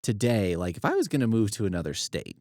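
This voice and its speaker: Low-voiced man musing on tangents. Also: wildly swooping pitch, quick pace, a little mellow, no room sound, studio quality. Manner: musing, self-deprecating tangents. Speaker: podcast co-host. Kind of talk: casual book chat.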